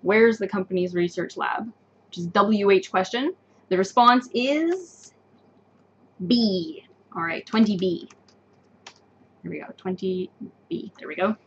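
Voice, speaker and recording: A woman teaching an online English test-prep lesson, patient and encouraging, repeating each answer slowly. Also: medium pitch, animated, a bit bright, lo-fi sound, a little hiss or hum.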